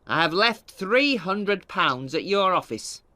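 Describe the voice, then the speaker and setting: A woman voicing a stern aging father who owns a mill, with a gruff manner. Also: medium pitch, expressive, slow pace, sharp tone, no room sound. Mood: angry. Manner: gruff, sinks to a faint whisper.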